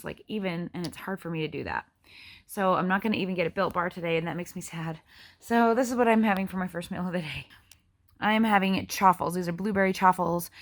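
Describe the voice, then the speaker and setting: A woman in her forties chatting casually in a diet vlog, rambling as she lists out her meals. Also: on the low side. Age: 40s. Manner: chatty, rambling, counts out food amounts. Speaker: vlogger.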